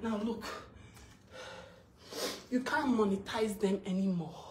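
A woman's voice: medium pitch, moderate pace, long pauses, noisy background. Exuberant woman celebrating in a roomy house. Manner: exuberant, chanting and laughing. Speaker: vlogger. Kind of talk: emotional celebratory vlog. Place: her home, indoors. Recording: roomy, distant from the mic.

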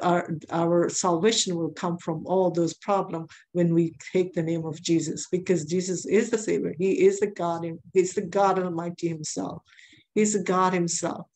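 A woman's voice: lowish voice, a little mellow. Earnest woman preaching a sermon. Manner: earnest storytelling, repeats phrases for emphasis.

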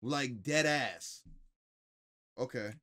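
A man casually reacting to a video on stream, blunt and profane, poking fun at everything he sees. His voice sits at an ordinary middle pitch, and he talks in a loose, mocking way. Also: drawn-out words, very noisy.

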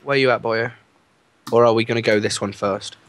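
A man chatting casually while playing a game with a friend, playful and quick to laugh. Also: medium pitch, fairly even intonation, fairly bright tone. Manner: playful, laughs a lot, jokey banter. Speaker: gaming co-host. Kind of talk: casual gaming chat.

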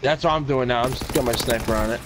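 A man's voice: mid-range voice, quick pace. A young man chatting and trash-talking casually while playing an online shooter. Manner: profane trash talk. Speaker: gamer streamer. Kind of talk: casual gaming chat. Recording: gunfire noise behind.

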